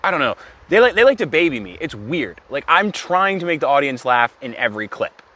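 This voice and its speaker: A young man telling a comedic story in a rambling, deadpan way, with self-aware asides. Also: fairly high pitch, fairly quick.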